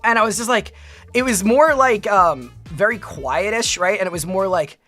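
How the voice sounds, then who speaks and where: A woman's voice: mid-range voice, lively intonation, normal speed, fairly bright tone, soft background music. A woman streamer chatting casually with her viewers, rambling with lots of "like" and "right?". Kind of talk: casual live-stream chat reacting with viewers.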